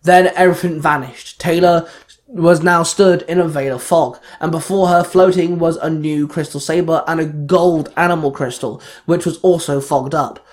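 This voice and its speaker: A man reads fan fiction aloud in a steady, plain narrating voice. His pitch sits slightly higher than most men's, and he keeps an even pace. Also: moderate pace. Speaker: storyteller.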